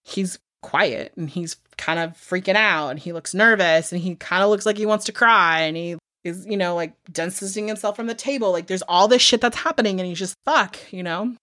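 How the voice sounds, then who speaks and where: A woman co-hosting a casual true crime podcast, telling the case in an animated way, swearing freely and acting out what people said. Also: fairly low pitch, brisk, hardly any pauses, dry recording, clean studio sound. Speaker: podcast co-host.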